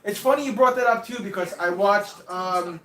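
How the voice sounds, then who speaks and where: High-voiced man calling a ballgame from home. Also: moderate pace, bright, forceful tone. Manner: chatty, profane, drifts off topic. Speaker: livestream watch-along host. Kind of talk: casual play-by-play commentary. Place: room at home. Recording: roomy echo.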